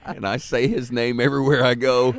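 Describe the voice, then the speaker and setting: A man in his fifties, a comedian guest trading deadpan one-liners in a casual chat. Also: mid-range voice, fairly quick. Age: 50s. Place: bar.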